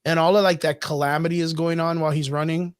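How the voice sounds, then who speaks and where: High-voiced man chatting casually. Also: fast talker, clear, resonant tone, dry recording, clean studio sound. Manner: animated, profane, acts out scenes in put-on voices. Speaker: podcast co-host. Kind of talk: casual chat.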